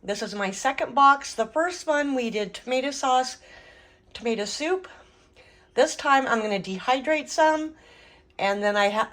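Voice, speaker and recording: A middle-aged woman with a fairly high voice hosts a casual home cooking vlog, talking through each step as she works; she's a home cooking and garden vlogger. The audio quality is poor.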